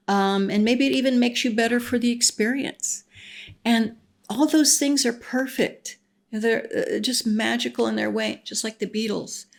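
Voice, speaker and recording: A woman's voice: mid-range voice, creaky. A woman vlogger talking in a casual, enthusiastic, rambling monologue, full of fillers.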